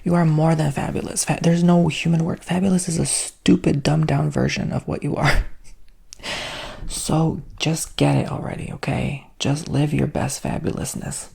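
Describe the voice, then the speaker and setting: A flamboyant man gives a sassy, whispered ASMR spiritual talk, dropping casual swears. His voice is heavily gravelly with a husky, breathy edge, and he drifts between soft whisper and low, airy speech. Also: flat delivery, moderate pace. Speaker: ASMR host and spiritual reader.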